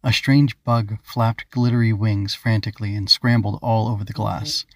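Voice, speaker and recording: Man calmly reading a children's story. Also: lowish voice, moderate pace, dry recording, clean studio sound. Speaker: author and narrator. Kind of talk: audiobook narration.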